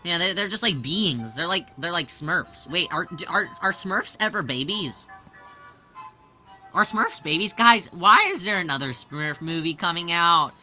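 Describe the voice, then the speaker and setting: Woman streamer, casual chat; very bright, sharp voice pitched on the low side; playful, repetitive bursts. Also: faint music behind. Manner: playful and excitable, repeats phrases in rapid bursts; rambling, with frequent restarts and fillers. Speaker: live streamer chatting with viewers. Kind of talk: casual live-stream chat while sewing.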